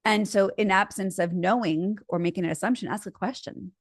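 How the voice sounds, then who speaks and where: A middle-aged woman co-hosts a couples therapy podcast, chatting casually and slipping into role-play. Her mid-range voice is fairly even and a little fast, expressive with frequent restarts, in a studio-quality recording with no room sound.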